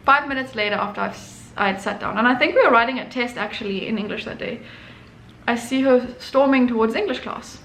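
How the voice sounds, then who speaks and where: Brief: animated woman host, fairly high voice, echoey room, telling a story casually. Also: brisk, a little hiss or hum. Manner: animated, acts out quotes. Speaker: artist and channel host.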